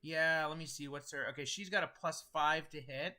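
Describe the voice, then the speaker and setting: A man with a very bright, somewhat high voice runs a tabletop game as game master. He works through the dice rolls out loud, with frequent pauses and fillers as he adds them up. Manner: thinks aloud while tallying dice, with many fillers. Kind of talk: running a tabletop game online.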